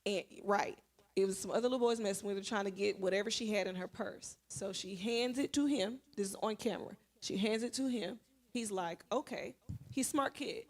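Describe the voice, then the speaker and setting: A woman speaks earnestly at a church Bible study and tells a personal story from her teaching work. She keeps it animated and conversational and slips into the voices of the people in her story. Her pitch sits in the middle. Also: a little fast. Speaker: schoolteacher sharing at a Bible study.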